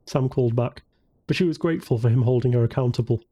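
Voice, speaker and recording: Mellow, husky male audiobook narrator. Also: mid-range voice, quick pace, dry recording. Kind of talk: scripted narration.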